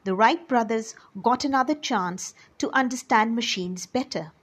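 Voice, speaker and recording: A woman reading a true story aloud to children, in an expressive storytelling manner and speaking directly to her young listeners. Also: on the high side, moderate pace, breathy edge.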